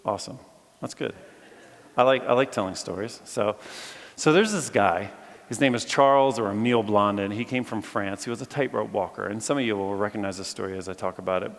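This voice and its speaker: A man's voice: fairly low pitch, fairly quick, gravelly. A man preaching a sermon to a live audience, telling a story with energy and bantering with listeners. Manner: animated storyteller, jokes with audience. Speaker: campus chapel speaker. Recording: long reverb of a large hall.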